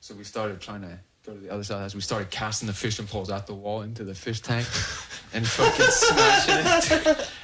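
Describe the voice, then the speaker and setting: A man's voice: fairly low pitch, big pitch swings, a little fast, few pauses, background noise. A man on a podcast telling a long prank story in casual, constantly swearing talk, often laughing through it. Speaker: podcast host. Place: podcast studio.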